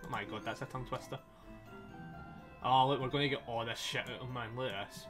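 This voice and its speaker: A man giving excitable, sweary commentary while playing a game, laughing often. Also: mid-range voice, fast talker, pauses often. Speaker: gaming streamer. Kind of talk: casual let's-play commentary. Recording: faint game music behind.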